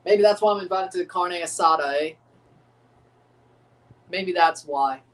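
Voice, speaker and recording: A young man hosting a live football watchalong, calling goals with excitement and dropping into low mumbled asides between plays. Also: a little slow. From United States. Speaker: livestream watchalong host. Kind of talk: live football reaction commentary.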